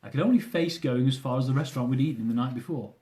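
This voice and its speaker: A young man reading from his own travel memoir with a dry, self-mocking wit. His voice is warm and mellow, sitting in an ordinary middle pitch for a man. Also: rapid-fire.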